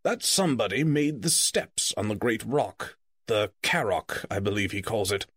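A man reading the part of Gandalf, a stern and testy old male wizard, in measured, lecturing tones. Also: lowish voice, animated, a bit bright, breathy edge, no room sound, studio quality. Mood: grave. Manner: measured, lecturing, quick to scold. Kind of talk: audiobook character reading.

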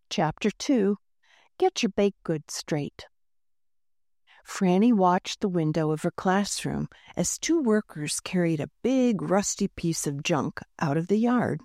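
A woman reading a children's book aloud, expressive and lively. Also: fairly low pitch, takes it slowly, no room sound, clean studio sound. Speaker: storyteller.

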